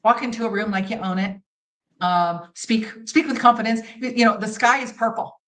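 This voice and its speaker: A woman's voice: medium pitch, moderate pace, fairly bright tone, low-quality recording. A middle-aged woman, a pageant judge and coach, giving confident, emphatic interview answers and acting out little quotes. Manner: confident, emphatic, acts out quotes, laughs easily.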